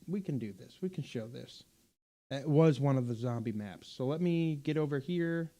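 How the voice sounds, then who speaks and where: Mellow-voiced man chatting on a live stream. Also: medium pitch, lively intonation, normal speed. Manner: rambling, self-correcting, many fillers and restarts. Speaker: pastor and streamer hosting a live Q&A. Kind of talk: casual live-stream chat reading viewer comments.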